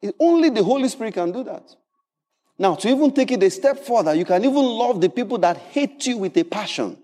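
A man preaching a sermon in an animated, humorous way, often repeating words. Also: high-pitched, brisk, big-room sound. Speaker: pastor.

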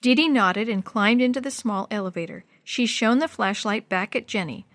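A woman with a fairly high voice narrating a children's story aloud. Her reading is clear and even. The sound is close-miked and very dry. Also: normal speed, no room sound.

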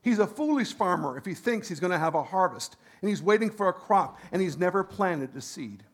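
A male pastor delivering a sermon in a high, lively voice. He swings between loud, emphatic lines and quiet asides, and often restarts his sentences. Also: fairly quick.

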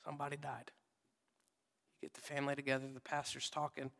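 A young man preaching a sermon in casual, conversational words, swinging from loud readings to soft whispered asides. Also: mid-range voice, completely flat delivery, quick pace, creaky, in a large hall. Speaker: pastor. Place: church sanctuary.

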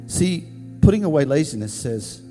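A man's voice: a little high, normal speed. Man preaching a story in a reverberant hall. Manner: conversational, animated storyteller. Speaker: pastor. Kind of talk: storytelling sermon. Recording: reverberant hall, faint music.

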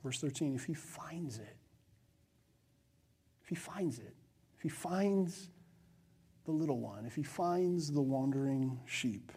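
A man with a high voice preaching a sermon in a church. He talks with fervour, rising to loud, driven stretches and then dropping to a hushed, quiet delivery. He takes the role of a pastor addressing his congregation. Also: expressive, slow, long pauses, breathy edge. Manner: passionate, swings from loud to hushed.

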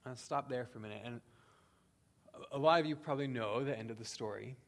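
A man's voice: mid-range voice, creaky. Earnest man preaching a sermon. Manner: earnest, with slow emphatic pauses and frequent "um". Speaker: pastor.

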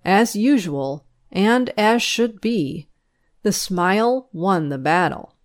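A woman reads a school paper aloud, its news and its children's stories. Her delivery is unhurried and measured, and her intonation rises and falls in a lively way. Her voice sits at an ordinary middle pitch. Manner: measured, expressive storytelling. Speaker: reader.

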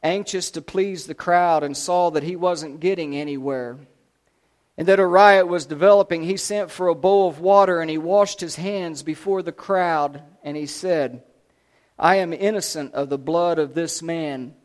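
Male preacher, sermon storytelling, slightly high voice, dramatic swings from loud to quiet. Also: normal speed. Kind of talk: sermon retelling scripture.

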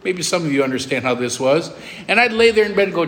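Middle-aged male pastor, high-pitched, repetitive emphatic sermon delivery. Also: animated, fast talker. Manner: emphatic repetition, soft drops for emotional moments. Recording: long hall reverb.

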